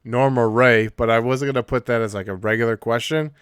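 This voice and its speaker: Man, podcast co-host, smooth resonant voice, dry close sound, casual chat. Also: mid-range voice, a little fast, no echo. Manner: animated, acts out scenes in quoted voices.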